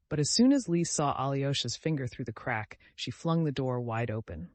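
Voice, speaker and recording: A man narrating an audiobook of a classic novel in a measured, expressive reading. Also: medium pitch, no echo. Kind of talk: scripted narration.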